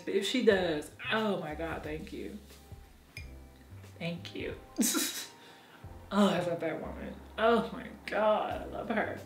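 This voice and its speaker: A woman's voice: fairly low pitch, slow, pauses often, soft background music. Frank, emotional woman vlogging in an echoey room. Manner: frank and emotional, swears freely, laughs often. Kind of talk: candid personal vlog talk.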